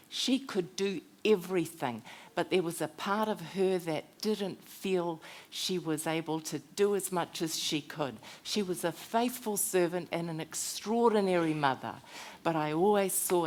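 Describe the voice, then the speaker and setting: A woman speaker at a conference, telling personal stories in a heartfelt motivational talk. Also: low-pitched.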